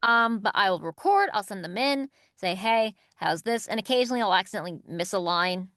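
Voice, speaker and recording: A young adult woman, a voice actress, chatting in an interview, lively and quick to laugh. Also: medium pitch, no echo, clean studio sound. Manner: lively, laughing, reads aloud from notes. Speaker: voice actress guest. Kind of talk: casual interview chat.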